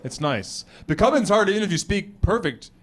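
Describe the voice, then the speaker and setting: An American man performing stand-up comedy, animated and acting out other people's voices. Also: high voice, moderate pace, noisy background. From United States. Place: comedy club stage before a live audience.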